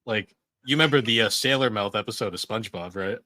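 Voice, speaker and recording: A man's voice: lowish voice, fast talker, bright, forceful tone, dry recording, clean studio sound. A man co-hosting a podcast in casual chat, rambling and laughing at his own jokes. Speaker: podcast co-host.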